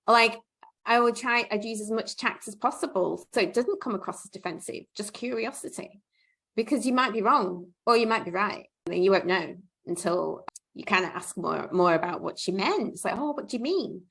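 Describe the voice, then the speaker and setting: A woman's voice: mid-range voice, moderate pace, gravelly, a bit bright. A woman hosting a casual podcast, thinking aloud in a reflective, hedging way. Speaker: podcast host.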